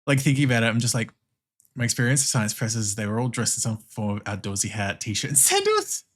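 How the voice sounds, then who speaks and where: A young Australian man streaming while he draws, thinking out loud in casual chat, laughing often and swearing freely. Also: fairly low pitch, flat delivery, fast.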